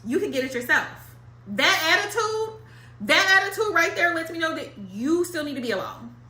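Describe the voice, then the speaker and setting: A very animated tarot reader speaks at normal speed in a high, bright voice, addressing her viewers directly in a casual monologue. She is blunt, repeats herself emphatically, and uses slang and the occasional curse word. The room adds a noticeable echo.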